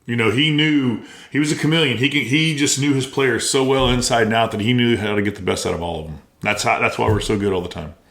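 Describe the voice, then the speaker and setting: A middle-aged American man, a former college baseball player, telling animated stories in a casual interview and acting out what others said. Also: medium pitch, fast talker, hardly any pauses, roomy sound. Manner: animated storyteller, acts out quotes, laughs often.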